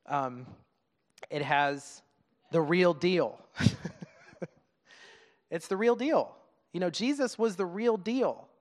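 Brief: man in his thirties, church preacher, higher-pitched voice, earnest and chatty, long hall reverb. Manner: earnest, conversational, halting with restarts and laughs. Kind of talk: sermon.

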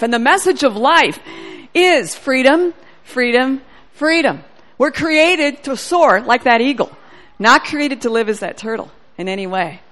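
A middle-aged woman preaching a sermon, telling a story with animated delivery and speaking prayers aloud. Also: fairly high pitch.

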